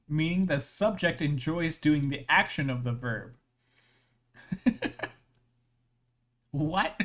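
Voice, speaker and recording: An unhurried live streamer at a middle-pitched voice, talking in a loose, playful ramble. Thoughts trail off and restart, and laughter breaks in often during this casual stream chat. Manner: halting, with many restarts.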